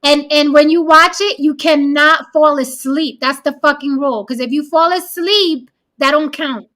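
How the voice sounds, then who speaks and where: A woman's voice: high voice, moderate pace, fairly bright tone. A woman hosting a casual group chat, brash, bossy and freely cursing. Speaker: host.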